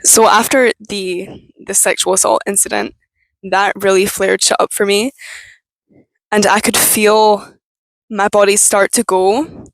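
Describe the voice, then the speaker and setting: A young woman with a strained, tense voice, talking candidly and with plenty of swearing to camera, with halting restarts. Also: mid-range voice, little pitch movement, no room sound, low-quality recording. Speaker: vlogger. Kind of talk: candid personal talk to camera.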